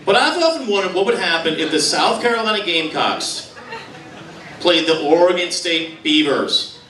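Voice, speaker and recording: A man's voice: sits high, animated, moderate pace, far from the mic, background noise. Brash stand-up man in a roomy club. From Michigan. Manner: brash, crude, crowd work. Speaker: stand-up comedian. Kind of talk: stand-up comedy. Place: comedy club stage. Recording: roomy club recording, crowd laughter. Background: audience laughing.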